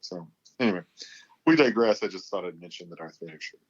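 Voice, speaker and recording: Low-voiced man teasing dryly, dull sound. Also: animated, fairly quick, slightly rough. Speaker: podcast co-host. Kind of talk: casual chat.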